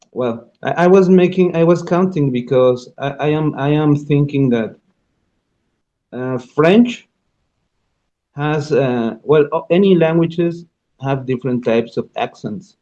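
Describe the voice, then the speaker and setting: Spanish-speaking guy hosting radio in english, slow and halting, lots of uh and restarts, muffled sound. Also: on the high side, warm tone. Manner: halting, many restarts and fillers, thinking aloud. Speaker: radio show host. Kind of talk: unscripted radio talk about learning languages.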